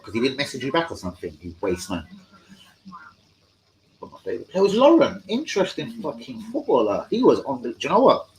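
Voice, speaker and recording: Over a faint hum and poor audio, a man hosting a live stream rambles about football, swearing a lot. His middle-pitched voice turns excitable as he chats.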